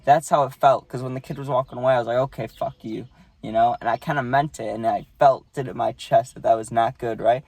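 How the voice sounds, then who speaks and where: A man's voice: medium pitch, fairly even intonation, fast, creaky, darkish tone, no echo. A young man casually telling a story to camera, rambling and swearing, with lots of "you know" and "right".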